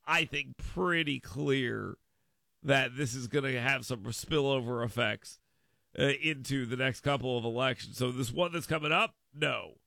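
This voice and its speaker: Gravelly, bright-voiced radio host. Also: male voice, medium pitch, unhurried, no echo. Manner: animated, acts out others' voices in quotes; self-correcting, repeats words as he goes. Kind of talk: political talk radio commentary.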